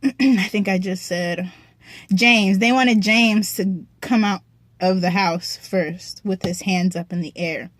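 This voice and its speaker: A woman's voice: medium pitch, slow, dry recording. Young woman, dry close storytime. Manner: profane, slangy storytelling with frequent throat clearing. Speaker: vlogger. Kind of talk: casual storytime. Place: parked car.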